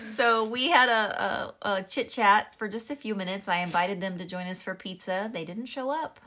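A woman's voice: medium pitch, normal speed, sharp tone. A middle-aged woman co-hosting a podcast, chatting casually and chiming in with laughter. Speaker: podcast co-host. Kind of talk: casual storytelling chat.

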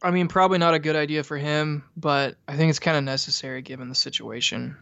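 A man's voice: fairly high pitch, fairly even intonation, fast, gravelly, fairly bright tone, clear, resonant tone, no room sound. A man co-hosting a casual book-club podcast, talking in a playful, enthusiastic, jokey way, on a dull lo-fi recording. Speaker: podcast co-host.

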